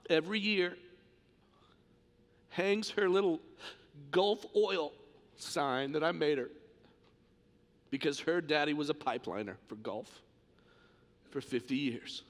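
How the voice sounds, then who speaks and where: A man's voice: on the high side, a bit bright. A man preaching a sermon as pastor in a church sanctuary, in an impassioned, emphatic way. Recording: long church reverb.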